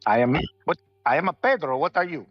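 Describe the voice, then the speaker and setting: Man as a blunt, loud game hero with choppy phrasing; dull lo-fi sound. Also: fairly high pitch, animated, a little fast, no room sound, soft background music. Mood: bewildered. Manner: loud, stilted broken phrasing.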